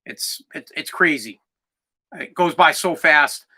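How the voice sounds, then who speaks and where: A man's voice: fairly high pitch, slow pace, pushed and bright. A man in his forties hosting a solo podcast, talking in an emphatic, profane, fired-up way. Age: 40s. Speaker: podcast host.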